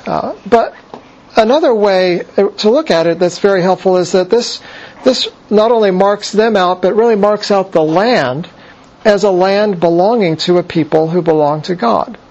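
A man teaching verse by verse through a book of scripture, measured and explanatory, pausing on "uh" and restarting phrases. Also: high voice, a little mellow, muffled recording. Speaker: Bible teacher.

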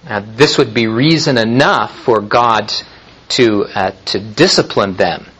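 A man preaching a sermon in a measured way, with frequent pauses and restarts. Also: on the low side, a bit bright, breathy edge, rough recording. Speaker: pastor.

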